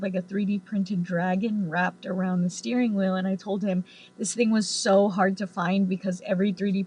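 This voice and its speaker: A woman's voice: medium pitch, a little mellow, breathy edge, rough recording. A woman tarot reader casually telling a long story to camera, rambling with lots of "like" and the odd swear word.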